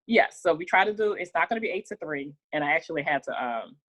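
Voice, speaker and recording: A woman guest in a casual interview, telling her story in an animated way and acting out what others said. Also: low voice, fast talker, no room sound, poor audio. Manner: animated storytelling with laughs and acted-out quotes. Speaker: interview guest, working mother.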